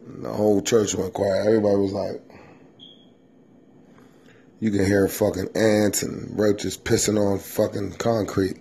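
Deep, gravelly man riffing and swearing. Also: flat delivery, measured pace, pauses often, warm tone. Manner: profane, loose and conversational, swears constantly. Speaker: comedian hosting his own podcast. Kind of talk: casual rambling comedy monologue. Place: home kitchen. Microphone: simple home setup, self-recorded.

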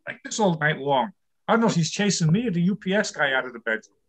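A man's voice: fairly high pitch, very animated, fast. An older man performing a stand-up comedy set, telling wry, self-deprecating jokes about his marriage.

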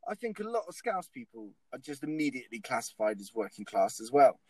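A man's voice: mid-range voice, big pitch swings, fairly quick, darkish tone, slightly rough, no room sound, low-quality recording. A man in casual chat, telling rambling anecdotes and swearing freely.

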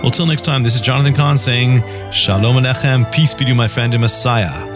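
A man's voice: brisk, over music. A man giving a short devotional radio message, telling a story and then urging listeners to call for a free gift. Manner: storytelling, then fervent offer pitch. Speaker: radio minister.

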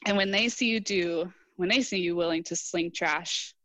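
A young woman engineer speaks as a podcast guest in a somewhat low voice. She answers earnestly and thoughtfully, acting out bits of past conversations. The sound is close and dry. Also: normal speed, fairly bright tone, dry recording. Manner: earnest, reflective, quotes herself in dialogue. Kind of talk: casual interview answers.

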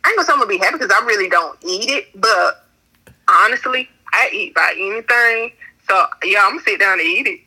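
A woman guest with a very bright, sharp-edged voice and a husky grain to it. She banters playfully, teasing the host with quick comebacks in a loose, casual chat. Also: mid-range voice, lively intonation, rough recording. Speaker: entrepreneur guest.

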